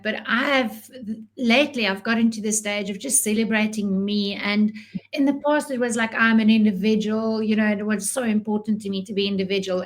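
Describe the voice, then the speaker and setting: A South African woman in her 40s whose first language is Afrikaans speaks at a medium pitch. She is a guest in a casual interview, reflective and laughing often.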